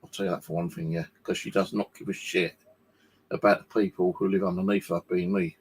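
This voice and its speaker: A husky, somewhat low-voiced man vents from his flat in a loose, rambling monologue. He swears freely and sounds fed up with the people around him. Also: brisk. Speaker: vlogger. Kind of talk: casual monologue to camera. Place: home flat indoors.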